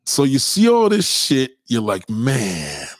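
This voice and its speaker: A man hosting a livestream, telling a profane comic story in an animated way and giving shout-outs to viewers in the chat. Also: mid-range voice, unhurried, no room sound, clean studio sound. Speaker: livestream host. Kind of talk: comedic storytelling rant on a livestream.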